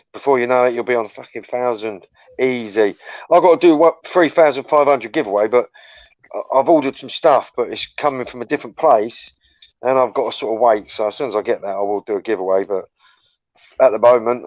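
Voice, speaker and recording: A man hosting a livestream tells an animated, crude anecdote, cursing as he rambles in casual conversation. His mid-range voice comes through lo-fi, with no room sound.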